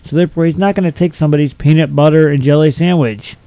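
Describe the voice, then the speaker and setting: A man's voice: a little high, fairly even intonation, quick pace, dark tone, no echo, rough recording. A young man reading out silly laws and mocking each one in a blunt, profane, sarcastic way. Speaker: video commentator.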